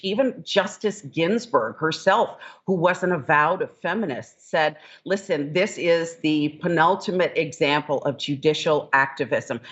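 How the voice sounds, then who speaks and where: A woman legal scholar, interviewed as a guest, explaining court matters in a measured, precise, lawyerly way. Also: deep voice, a bit bright, lo-fi sound.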